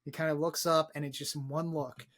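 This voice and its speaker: A man's voice: on the high side, flat delivery, normal speed, a bit bright. A young man co-hosting a film podcast, talking enthusiastically in a rambling way, repeating words and swearing freely. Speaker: podcast co-host. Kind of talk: casual film discussion.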